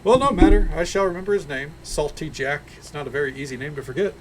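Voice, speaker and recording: A man's voice: on the high side, quick pace, a little hiss or hum, natural voice. A man voicing a cheerful, chatty male halfling tourist, bubbly and over-eager in a sing-song way.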